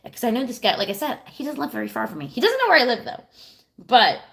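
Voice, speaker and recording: Animated woman in her thirties, swearing freely. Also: a little high, fast, creaky. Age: 30s. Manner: rambling, profane, lively storytelling. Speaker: streamer. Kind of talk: casual livestream chat with viewers.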